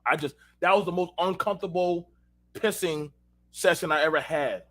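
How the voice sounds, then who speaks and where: A man with a fairly high, bright voice hosts an unfiltered talk show at a moderate pace, his tone forceful. He tells heated stories full of profanity and addresses his listeners directly in a casual rant.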